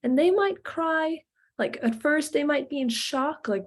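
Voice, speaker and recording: A woman with a fairly high voice gives a relaxed, informal lecture to parents. She talks slowly and chattily and fills her pauses with "um" and "like". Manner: slow, chatty, many fillers and "like".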